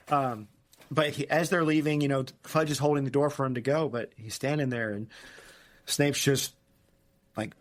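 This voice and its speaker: A man co-hosting a relaxed podcast, chatting about a book. His voice sits in a mid range, and he keeps dropping into quick, goofy character voices as he retells scenes. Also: mid-range voice. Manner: animated, acts out quoted characters in silly voices. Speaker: podcast co-host. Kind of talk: casual book discussion.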